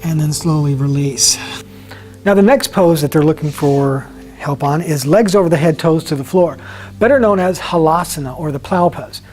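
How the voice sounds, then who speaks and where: A man leading a yoga class, giving calm, slow step-by-step cues and often dropping his voice softly. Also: on the high side, soft background music. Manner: calm, slow guiding cues with soft drops in volume. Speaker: yoga instructor. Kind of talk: guided yoga class instruction.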